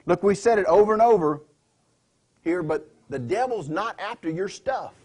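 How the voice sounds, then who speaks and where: A man preaches in a church, pressing his points and throwing questions at the congregation. His voice sits high for a man and has a husky edge. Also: lively intonation, moderate pace, darkish tone. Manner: emphatic, asks the congregation questions. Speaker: pastor. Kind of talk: sermon. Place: church sanctuary.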